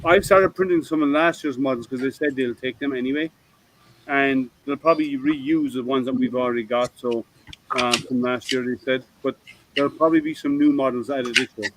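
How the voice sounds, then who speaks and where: A man's voice: medium pitch, brisk, a bit bright, a little hiss or hum, poor audio. A man hosting a casual livestream hangout from home, rambling and thinking aloud with plenty of ums, talking over an online call mic. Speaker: livestream host.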